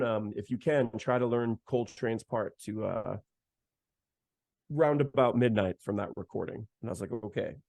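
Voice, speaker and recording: A man's voice: medium pitch, vocal fry, a little mellow, no echo. A young man, a saxophonist guest, telling a story in a loose, chatty way with lots of "like" and "man". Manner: chatty, heavy use of "like" and "man". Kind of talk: casual storytelling.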